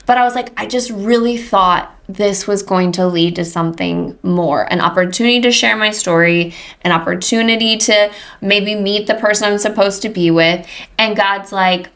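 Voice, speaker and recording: A woman's voice: medium pitch, moderate pace, fairly bright tone. A woman in her thirties, a podcast guest telling her story in casual chat, acting out her own and others' reactions. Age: 30s.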